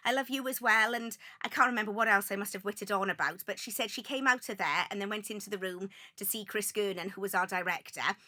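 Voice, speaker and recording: A Welsh woman in her forties, a podcast guest, telling lively stories with lots of exclamations. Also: medium pitch, fast talker, few pauses. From South Wales. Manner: animated anecdotes full of exclamations. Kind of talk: casual chat, storytelling.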